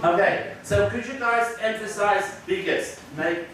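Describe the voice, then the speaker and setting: A man leads a workshop for teachers, explaining clearly and drawing the audience in with questions. His voice sits a little high for a man. He is heard from a distance in a very echoey room with a faint hiss behind him. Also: unhurried, fairly bright tone. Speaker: teacher trainer. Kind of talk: workshop presentation. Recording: echoey room recorded from afar.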